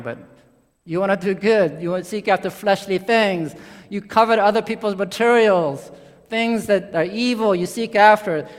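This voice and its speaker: A man preaching a sermon as pastor, talking conversationally, climbing into excited bursts and then sinking low and quiet. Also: big-room sound.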